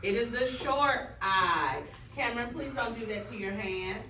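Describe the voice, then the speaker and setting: A woman student teacher running a phonics drill with a class, calling out words slowly and clearly. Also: fairly high pitch, animated, bright, forceful tone, a little hiss or hum. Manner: stretches out target words clearly. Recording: echoey room, mic far off.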